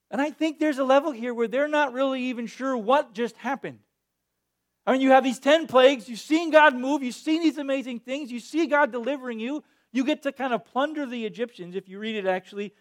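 A man preaching a sermon, reading scripture and then retelling it in a lively way, acting out the quoted voices. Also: extremely high pitch. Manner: animated, acts out quoted voices. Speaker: pastor.

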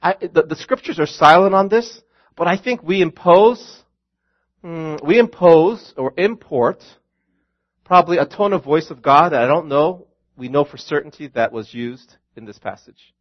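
A man's voice: on the high side, moderate pace, muffled recording. A man preaching a sermon as a pastor, earnest, calling his listeners friends and repeating key lines.

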